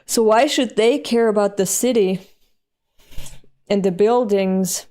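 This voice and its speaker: A woman's voice: mid-range voice, slow pace, warm tone. A young woman from Europe, reading a comic aloud and reacting with laughs, gasps and swearing. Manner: swears freely, laughs, gasps and exclaims at the story. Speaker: manga reader reacting on camera.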